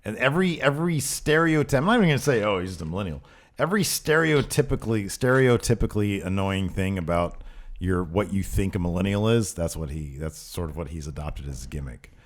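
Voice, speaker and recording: A man's voice: low voice, expressive, brisk. A man co-hosting a podcast in casual chat, sarcastic and ranting freely. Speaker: podcast co-host.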